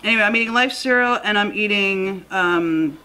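A woman's voice: medium pitch, normal speed, bright, forceful tone, a little hiss or hum, low-quality recording. A woman hosting a casual eating vlog, just woken up and chatting in a rambling way with fillers, filmed at home. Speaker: mukbang host. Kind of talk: casual chat to camera while eating. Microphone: camera mic.

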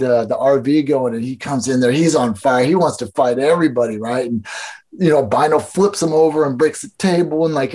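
Guest: Illinois man, mid-pitched, loose and profane, leans hard on fillers while telling stories. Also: a little mellow. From Illinois, USA. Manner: rambling, profane, heavy on filler words. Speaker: podcast guest, skatepark builder. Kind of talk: casual storytelling chat.

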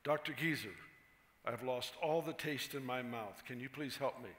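A man's voice: medium pitch, normal speed, a bit bright, big-room sound, lightly acted. A man voicing an indignant doctor who keeps getting cheated, raising his voice in a told joke.

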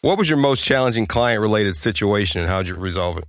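Low-voiced man hosting an interview. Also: quick pace, dry recording, studio quality. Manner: relaxed, chuckling interviewer. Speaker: podcast host. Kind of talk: casual interview.

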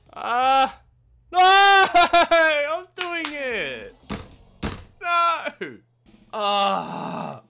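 Gamer host, loud and jumpy, sharp bright voice, pitch leaping all over, cursing at their own mistakes. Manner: excitable, yelps and shouts at the game; swears and mocks own skill. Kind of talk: let's-play gameplay commentary.

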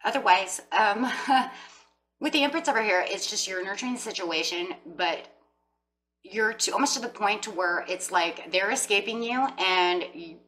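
A woman's voice: mid-range voice, moderate pace, fairly bright tone, far from the mic, low-quality recording. A woman giving a chatty tarot reading, acting out what people might say. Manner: chatty, acts out quoted voices with emphasis. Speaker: tarot reader.

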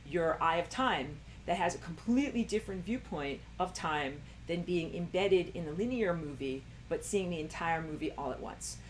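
A spiritual teacher, a woman with a fairly low voice, gives a recorded online lecture with a little hiss or hum behind her. She rambles with many fillers and jumps into a raised voice when acting out quoted thoughts.

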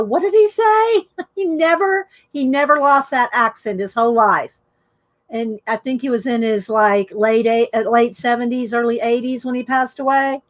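A middle-aged woman with a high voice hosts a live coloring stream. She talks slowly and easily, greeting each viewer by name as she works. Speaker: live-stream art host. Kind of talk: casual live-stream chat while coloring.

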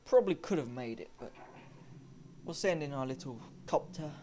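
A man narrates his own game playthrough in a loose, muttering way, cursing often and talking back at the game. His pitch swings widely from low grumbles to high bursts. Clear game noise and engine rumble sit underneath him. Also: animated, normal speed, warm tone. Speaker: gamer. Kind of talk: let's-play commentary.

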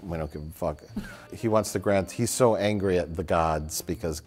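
A man's voice: low-pitched, moderate pace, darkish tone. A man co-hosting a film review show, talking in a rambling casual way with fillers and swearing. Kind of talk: casual chat.

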